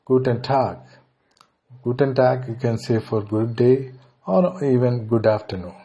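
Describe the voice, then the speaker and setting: A man from India with an Indian English accent, teaching a beginner language lesson and slowly repeating each phrase before translating it. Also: mid-range voice, warm tone, lo-fi sound.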